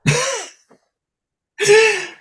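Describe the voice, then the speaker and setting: A man's voice: extremely high pitch, extremely slow, fairly bright tone, dry recording, studio quality. A male host in a casual interview chat who laughs often and chimes in with short reactions.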